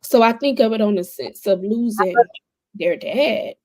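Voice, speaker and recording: A woman's voice: mid-range voice, measured pace, darkish tone, no room sound. A young adult woman speaking as a podcast guest, telling her personal story in a candid, conversational way and repeating phrases for emphasis.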